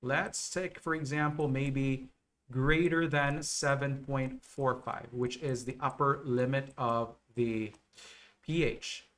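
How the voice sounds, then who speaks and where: Man slowly explaining nursing exam concepts. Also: mid-range voice, fairly even intonation, fairly bright tone. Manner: slow, repetitive explaining with frequent okay and right checks. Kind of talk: live-streamed teaching.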